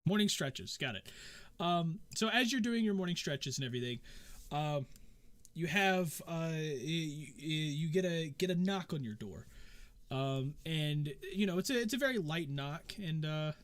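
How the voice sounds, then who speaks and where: A man's voice: a little high, animated, unhurried, a bit bright. A man narrating as game master of a tabletop game, talking loosely with many fillers.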